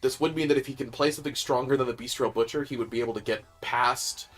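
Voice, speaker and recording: A man's voice: mid-range voice, steady tone, quick pace, faint music behind. A man from the Midwest explaining game mechanics and coaching his co-host in casual chat. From American Midwest.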